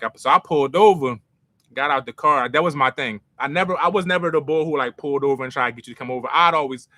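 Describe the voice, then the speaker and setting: A man's voice: mid-range voice, pushed and bright, no room sound. A young man from North Philadelphia with a Philadelphia accent, telling stories in a casual, self-mocking way with street slang as a podcast host. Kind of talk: casual storytelling to a live chat.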